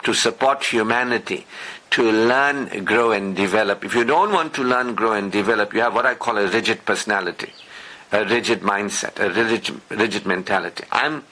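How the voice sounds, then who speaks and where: A man delivers a Friday sermon in a bright, forceful voice that sits a little low in pitch. He preaches with emphatic, repeated lists and keeps turning to his listeners with conversational asides. He speaks candidly about his own past. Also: low-quality recording.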